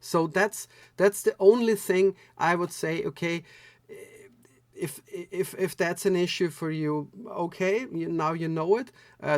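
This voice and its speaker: A man's voice: fairly high pitch, dry recording. A man from Austria, German, giving a casual, rambling gear review with many restarts. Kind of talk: casual product review vlog.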